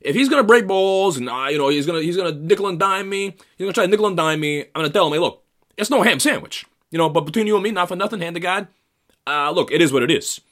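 A man's voice: high voice, expressive, fast talker, a bit bright, voice pushed up. A man doing a brash New salesman. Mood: blustering. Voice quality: brash, wheeling-dealing patter. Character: loud gruff New York salesman man, middle-aged.

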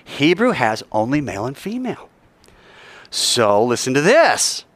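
A man's voice: mid-range voice, huge pitch swings, unhurried, fairly bright tone, dry recording. A man giving an informal Bible lesson, acting out little mock dialogues and dropping jokey asides. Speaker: Bible teacher.

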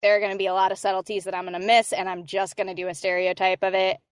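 Lively, laughing American woman voice actor. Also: mid-range voice, very fast, clear, resonant tone, no echo, studio quality. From Hispanic American. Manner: animated, laughs often, talks with her hands in words, many "like" fillers. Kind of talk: casual interview chat.

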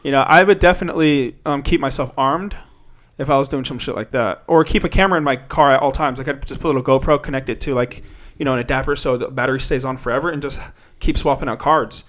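A young man hosting a casual podcast chat, rambling and animated, with lots of fillers. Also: medium pitch, fast. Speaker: podcast host.

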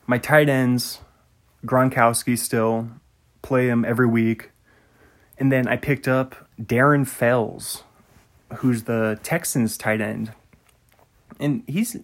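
Slow, rambling man chatting casually. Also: mid-range voice. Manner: rambling, easily sidetracked, laughs at himself. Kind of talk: casual solo chat.

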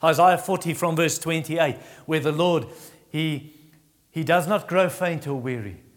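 A man preaching a sermon, retelling Bible stories and acting out the characters' pleas, with frequent restarts. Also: big-room sound. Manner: acts out Bible voices in a raised pitch, quiet and slow on comfort; halting restarts while teaching.

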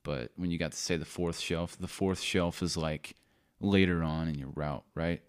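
Low-voiced man rambling on a podcast. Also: steady tone, moderate pace, smooth. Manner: rambling, self-interrupting, offhand. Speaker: podcast host. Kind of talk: casual rambling monologue.

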